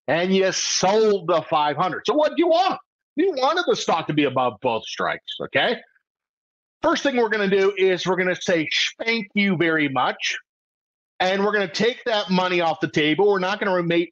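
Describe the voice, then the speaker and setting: Man, trading coach, live webcast lesson, animated, constant rhetorical questions, muffled low-fi sound. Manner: animated, keeps asking "okay?", rhetorical questions.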